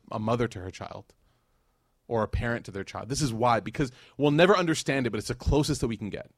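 Animated man giving a lecture. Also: mid-range voice, no room sound, studio quality. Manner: animated storytelling, acts out his son's lines. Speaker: Islamic lecturer. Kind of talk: conversational religious lecture.

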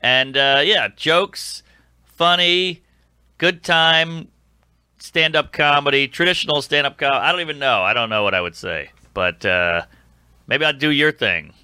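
A man with a very bright, slightly high voice chats as a guest comedian on a podcast. He talks in an animated, jokey way, slipping into quoted voices. The sound is dry and close. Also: unhurried, clean tone, dry recording. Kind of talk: casual podcast chat.

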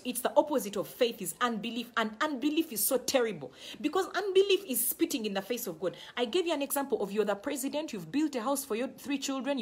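A middle-aged Ugandan woman preaching a sermon with fervour, her voice husky and breathy. She sits a little high and swings up and down in lively, emphatic waves, often hammering a phrase twice.

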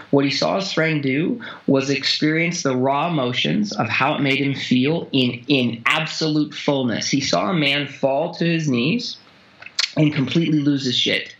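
A man coaching a guest in conversation, blunt and heavy on swearing, telling stories intensely with sudden jumps in pitch. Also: a bit bright, lo-fi sound.

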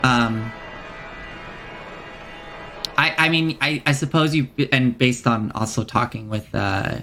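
A man's voice: mid-range voice, takes it slowly, sharp tone, soft background music. A man running a tabletop game as game master, explaining rules and lore with many hesitant fillers.

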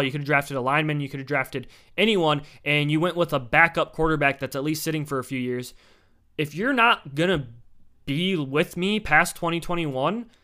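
A young man giving casual, blunt sports commentary, animated and swearing as he acts out what players and teams said. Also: on the high side, clear, resonant tone. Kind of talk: casual sports opinion talk.

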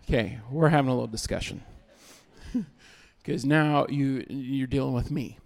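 A man's voice: medium pitch, measured pace, darkish tone. A man preaching a sermon as pastor, emphatic, repeating key lines and acting out little everyday scenes.

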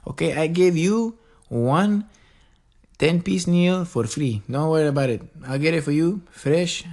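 A man putting on the voice of an overly accommodating fast-food manager who talks in broken, reassuring phrases. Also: on the high side, a little mellow, voice pushed up. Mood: placating.

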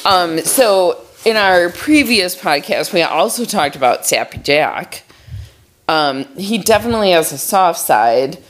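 A woman with a low voice co-hosts a podcast and chats casually with her guest. She speaks slowly and laughs readily between her thoughts. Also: animated. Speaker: podcast co-host. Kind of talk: casual chat.

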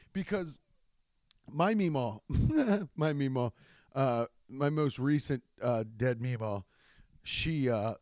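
A young man hosting his own podcast, telling rambling, profane stories with jumpy, animated energy. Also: mid-range voice, dry recording, studio quality. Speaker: podcast host. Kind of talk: casual solo podcast monologue.

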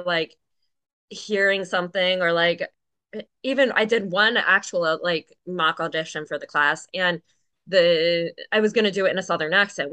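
A woman's voice: fairly low pitch, sharp tone. A woman guest on a podcast, chatting casually and upbeat, laughing often as she talks. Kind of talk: casual interview chat.

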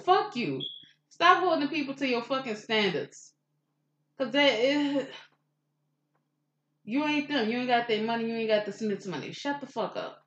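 A woman's voice: on the high side, lively intonation, moderate pace, pauses often, fairly bright tone. Fiery, foul-mouthed woman co-host mid-rant; roomy, muffled lo-fi audio. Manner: profane, fiery, confrontational. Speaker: podcast co-host. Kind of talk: heated rant on a podcast. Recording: roomy, dull lo-fi room sound.

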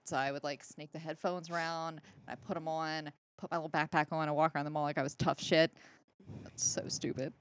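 A woman's voice: low-pitched, little pitch movement, fast talker, few pauses, slight background noise. A woman in her thirties, co-hosting a casual podcast, chatty and giggly, full of "like". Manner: giggly, chatty, uses "like" a lot. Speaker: podcast co-host. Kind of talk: casual chat.

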